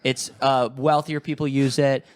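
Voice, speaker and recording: A man's voice: mid-range voice, flat delivery, normal speed, clean tone, no echo. A man, co-hosting a casual comedy podcast, riffing profanely and breaking into joke songs. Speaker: podcast co-host.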